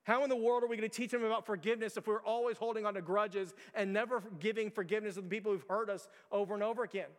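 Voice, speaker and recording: High-voiced pastor preaching in a reverberant hall. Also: male voice, fairly even intonation, racing, few pauses. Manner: earnest, repetitive rhetorical questions. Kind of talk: sermon.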